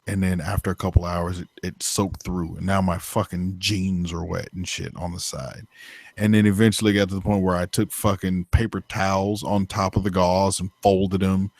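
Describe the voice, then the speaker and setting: Deep-voiced man telling a profane story. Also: flat delivery, normal speed, a little mellow, dry recording, clean studio sound. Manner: rambling, profane, filler-heavy. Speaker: podcast co-host. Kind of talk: casual storytelling chat.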